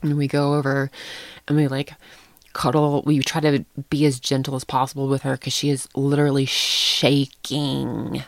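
A middle-aged woman telling a story in casual chat, animated and laughing often. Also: rumbling low, normal speed, no echo.

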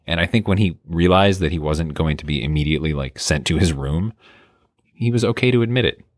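Deep-voiced, laid-back father co-host. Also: fairly quick, no echo, clean studio sound. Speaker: podcast co-host. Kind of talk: casual chat.

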